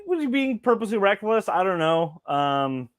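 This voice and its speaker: Rambling higher-pitched man on a podcast. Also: big pitch swings, normal speed, no echo. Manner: rambling, many restarts and fillers. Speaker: podcast co-host. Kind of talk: casual chat.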